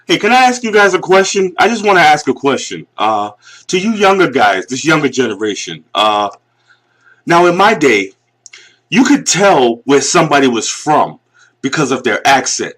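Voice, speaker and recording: A man's voice: a little high, big pitch swings, moderate pace, a bit bright. A man in his forties with a Northeastern US accent, ranting bluntly and mockingly as a YouTube commentator reacting to a clip. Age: 40s. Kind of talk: reaction rant.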